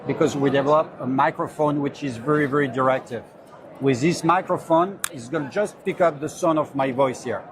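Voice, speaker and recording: A man representing a company, earnestly explaining his product in a slightly halting way on a trade show floor. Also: a little high, background noise. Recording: loud crowd chatter behind.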